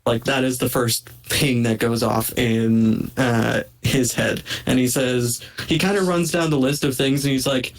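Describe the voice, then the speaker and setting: A man's voice: medium pitch, steady tone, a little slow, hardly any pauses, low-quality recording. A man playing a tabletop game, casually describing what his character does, with lots of fillers. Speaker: player.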